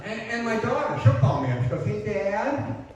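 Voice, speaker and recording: A man's voice: very high voice, sing-song, fast talker, a little mellow. An older man doing a self-deprecating stand-up comedy set, delivering punchlines on a small coffee house stage. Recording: echoey, distant, dull, noisy room recording. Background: audience laughter and room ambience.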